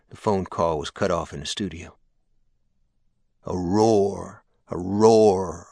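Guy reading an audiobook, low voice, steady, super dry studio sound. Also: no room sound. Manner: steady, matter-of-fact storytelling. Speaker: narrator. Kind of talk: audiobook narration.

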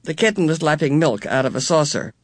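An audiobook narrator giving an even, measured storybook reading. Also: medium pitch, dry recording, clean studio sound. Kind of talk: scripted narration.

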